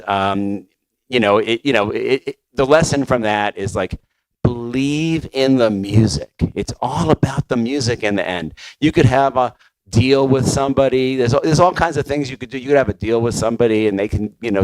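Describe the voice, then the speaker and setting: Middle-aged male label founder, lowish voice, chatty storyteller, close and dry. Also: dry recording, poor audio. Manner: conversational with many fillers and restarts. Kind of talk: conference talk storytelling.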